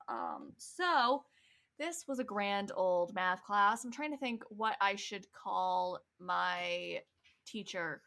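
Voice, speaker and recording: A woman's voice: fairly low pitch, gravelly, pushed and bright. A young woman co-hosting a podcast, telling a story in casual chat with lots of laughs, ums and swearing. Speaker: podcast co-host.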